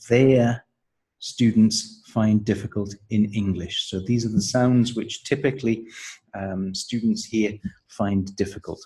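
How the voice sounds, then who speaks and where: Acting as a teacher trainer, a man walks slowly through a training manual step by step, explaining as he goes with frequent ums and uhs. His lowish voice is a bit mellow with a breathy edge, and the audio quality is poor.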